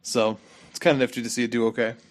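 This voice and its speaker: A man's voice: mid-range voice, flat delivery, quick pace. A man co-hosting a casual game podcast, rambling with many fillers and slightly losing his voice. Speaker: podcast co-host. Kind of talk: casual gaming chat.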